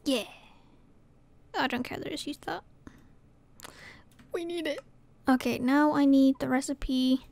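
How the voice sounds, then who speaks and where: A woman's voice: high-pitched, measured pace, creaky, long pauses, a little mellow. A woman from Scotland commentating her gameplay casually, muttering to herself and often dropping to a whisper. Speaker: gaming channel host.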